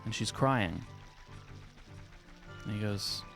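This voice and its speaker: Slow-talking man telling a crude joke. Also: lowish voice, a bit bright. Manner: slow, drawn-out delivery with crude swearing. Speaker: streamer. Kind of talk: casual joke-telling while speedrunning. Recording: faint music behind.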